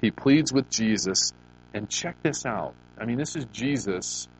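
A man's voice: mid-range voice, expressive, a little slow, a little hiss or hum, poor audio. A male pastor preaching a sermon in a conversational, storytelling way, often restarting his phrases.

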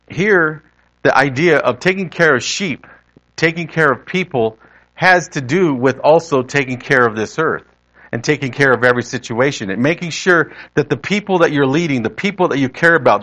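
A man's voice: a little high, a bit bright, low-quality recording. Man preaching a conversational sermon. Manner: conversational, rephrasing as he goes.

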